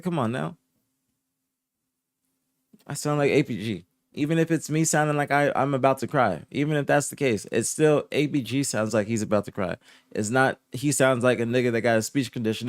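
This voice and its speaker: A soft-spoken young man chatting casually on a live stream, answering his chat in a laid-back way, dropping to low murmurs and rising to higher protests, often repeating himself. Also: gravelly, no room sound, clean studio sound. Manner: drifts between low murmurs and higher indignant outbursts. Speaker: streamer reporting esports news.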